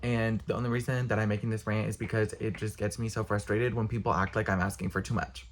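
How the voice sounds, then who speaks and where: A man's voice: on the low side, flat delivery, a little hiss or hum. A young man ranting casually to camera, exasperated, blunt and profane. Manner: exasperated, blunt, profane, talks with quick bursts. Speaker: vlogger.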